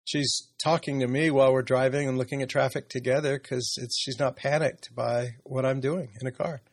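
A man in his sixties, a podcast host, talking candidly and emotionally about his life in a personal conversation, with soft laughs. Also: mid-range voice, steady tone, normal speed, dry recording, clean studio sound. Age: 60s.

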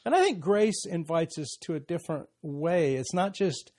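Older man, podcast co-host, warmly reflective, slightly raised pitch. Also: expressive, moderate pace. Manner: gentle, reflective, fatherly.

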